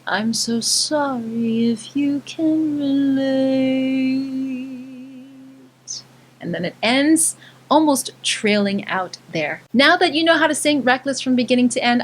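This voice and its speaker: A woman vocal coach teaching a song step by step, pausing to explain and sometimes singing short lines to demonstrate. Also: a little high, a bit bright. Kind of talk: singing tutorial.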